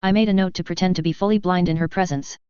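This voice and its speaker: A woman narrating a first-person story in a steady, even reading voice. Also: on the low side, quick pace, smooth, no room sound. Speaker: fan fiction reader. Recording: dry, slightly dull lo-fi recording.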